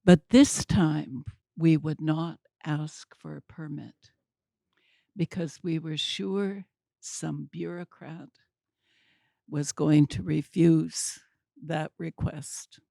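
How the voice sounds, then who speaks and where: An older woman telling a story at a community talk, deliberate and wry with dry humor. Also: low-pitched, steady tone, vocal fry, warm tone, no room sound.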